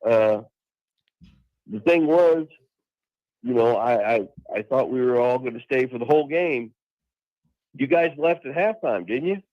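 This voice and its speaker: A man's voice: medium pitch, a little slow, long pauses, no room sound. A man calling in to a talk show, friendly and teasing the host. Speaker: caller. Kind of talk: phone call to a talk show. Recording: dull dry phone line.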